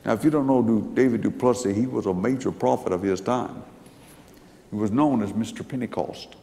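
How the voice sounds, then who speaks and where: Older man with a gravelly voice, testifying in a hall. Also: fairly low pitch, fairly quick, mellow, a little hiss or hum. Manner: folksy, rambling storyteller. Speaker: speaker giving a testimony. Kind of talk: storytelling testimony to an audience.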